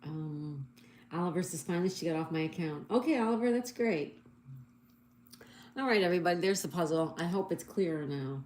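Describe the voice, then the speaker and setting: A woman with a slightly low voice chats her way through a live crossword stream. She reads viewers' comments aloud and greets each one cheerfully. The room rings with echo, and a faint noise sits underneath. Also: animated, brisk, darkish tone. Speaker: livestream host. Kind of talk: casual live chat reading comments.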